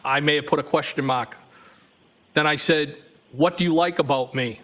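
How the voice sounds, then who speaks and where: A man's voice: fairly high pitch, normal speed, fairly bright tone. A man testifying as a trial witness, reading text messages aloud evenly and speaking the punctuation marks.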